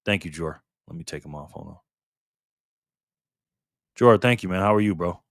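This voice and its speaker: A man's voice: low-pitched, normal speed, no room sound, studio quality. An upbeat man hosting a live stream, chatting casually and greeting viewers by name. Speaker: livestream host. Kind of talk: casual live stream chat reading comments.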